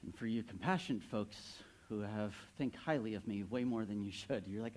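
A man's voice: fairly low pitch, moderate pace. A man in his thirties, a pastor giving a sermon, telling a story with playful asides to the congregation.

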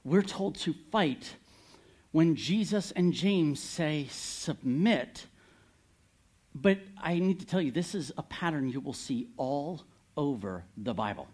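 Preacher guy telling a bible story, lively, voice goes up and down a lot, kinda high. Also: unhurried, breathy edge. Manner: animated storytelling, candid, occasional laughs. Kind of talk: sermon.

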